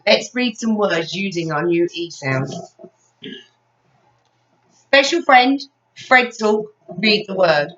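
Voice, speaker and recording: A woman's voice: mid-range voice, expressive, slow pace, pauses often, a bit bright, recorded from a distance. A woman with an English accent teaching a phonics lesson to young children, praising often in a sing-song way. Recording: dull sound from off mic.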